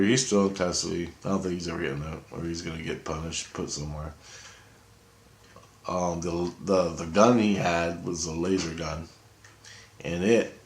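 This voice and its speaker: A man with a low, deep voice spins a rambling first-person story, swearing freely and tripping over his own restarts. His talk is excitable and loose, and the sound bounces around a reverberant room. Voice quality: profane, excitable, talks in restarts. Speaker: vlogger.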